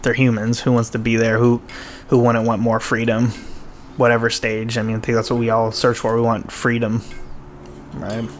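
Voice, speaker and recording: A man's voice: medium pitch, completely flat delivery, moderate pace, a little hiss or hum. A man hosting a podcast in casual chat, talking in a rambling, profane way full of restarts and fillers. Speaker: podcast host.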